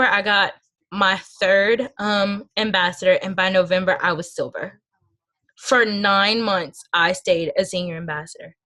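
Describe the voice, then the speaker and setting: A young woman with a bright, forceful voice gives a heartfelt motivational talk to her team. She speaks earnestly and with feeling, drawing on her own experience, and she is heard through a video call microphone. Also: mid-range voice. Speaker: team leader speaking to a sales team.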